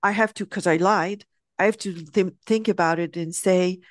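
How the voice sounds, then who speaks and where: A middle-aged woman speaking as a guest in a conversation, telling stories and acting out quoted voices with lively shifts. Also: fairly low pitch, normal speed, no room sound. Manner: reflective, acts out quoted voices animatedly. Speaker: guest sharing spiritual reflections. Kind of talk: conversational storytelling.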